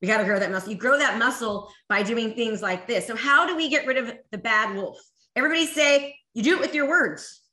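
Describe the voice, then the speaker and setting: A woman giving an energetic motivational talk to a live audience, repeating phrases and rallying the crowd to join in. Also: a little high, brisk. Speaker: motivational speaker. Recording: echoey room.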